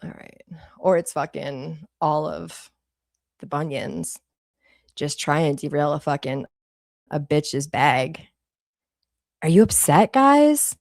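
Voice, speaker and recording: A woman's voice: sits low, animated, slow, creaky, long pauses, a little mellow, no echo, studio quality. A woman with a Boston accent hosting a casual commentary livestream, blunt and sarcastic, swearing freely. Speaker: livestream host.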